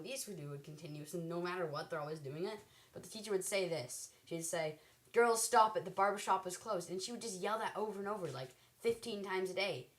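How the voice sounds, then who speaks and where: A teenage girl chats to the camera, drifting from story to story with lots of ums and likes. She giggles easily. Her voice sits a little lower than most girls'. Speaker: vlogger.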